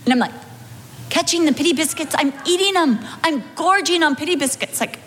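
A woman's voice: high voice, brisk, a bit bright. A middle-aged woman, a pastor's wife, telling a humorous personal story and acting out scenes with sudden dramatic shifts. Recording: echoey hall with faint background noise.

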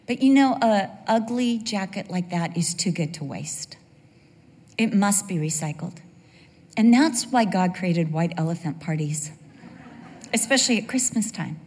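An older woman preaching a sermon and telling a personal story in an animated way, acting out the voices of the people in it. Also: on the low side, unhurried, breathy edge. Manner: animated storyteller who acts out quoted voices. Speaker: speaker at a church gathering. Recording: reverberant hall.

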